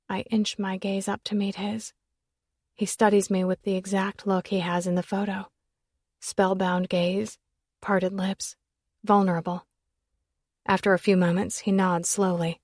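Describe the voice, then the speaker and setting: Woman narrator, first-person romance audiobook, intimate and emotional, mid-pitched, dry close sound. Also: flat delivery, measured pace, darkish tone, husky, no room sound.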